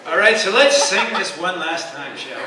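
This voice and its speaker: A man's voice: sits high, animated, normal speed. Fifty-year-old man joking crudely in an echoey hall. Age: 50s. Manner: rambling, crude, jokey storytelling. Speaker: banquet emcee. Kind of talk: comic after-dinner speech. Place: large banquet hall. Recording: echoey hall, distant mic, loud crowd.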